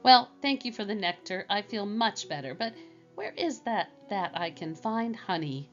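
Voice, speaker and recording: A woman's voice: medium pitch, very animated, moderate pace, lo-fi sound, soft background music. A woman voicing a small, determined mother shrew who talks earnestly. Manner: earnest, pleading, turns commanding.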